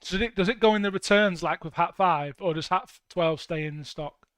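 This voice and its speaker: Brief: young guy, high pitch, playful and rambling, livestream producer chatting to his audience. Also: moderate pace, fairly bright tone, clean tone, no echo, studio quality. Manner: playful, rambling, jokey asides to chat. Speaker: band member streaming music production. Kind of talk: casual livestream chat while producing.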